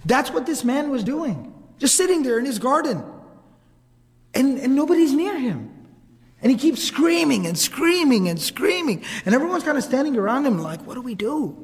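A man preaching a story in a lively, dramatic manner, often acting out the people in it. His voice sits high and bright. A long hall reverb trails after his words. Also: moderate pace. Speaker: preacher narrating seerah. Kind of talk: storytelling sermon.

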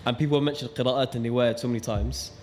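A man's voice: medium pitch, steady tone, quick pace, a little mellow, a little hiss or hum. A man hosting a podcast, respectfully thanking his guest and asking hesitant questions. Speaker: podcast host. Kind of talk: interview questions.

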